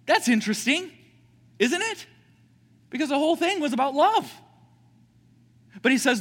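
A man's voice: very high-pitched, sing-song, moderate pace, long pauses, fairly bright tone. A man preaching a sermon as a pastor, conversational, with frequent restarts and questions to the congregation. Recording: reverberant hall.

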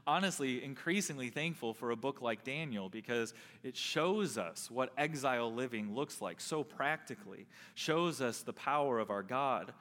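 A man's voice: fairly high pitch, fairly bright tone. Earnest preaching man in a reverberant hall. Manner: earnest preaching with slow emphatic stresses. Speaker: pastor. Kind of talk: sermon.

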